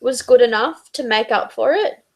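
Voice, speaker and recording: Brief: Australian woman, high voice, eager chatty book club co-host. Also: moderate pace. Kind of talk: casual chat.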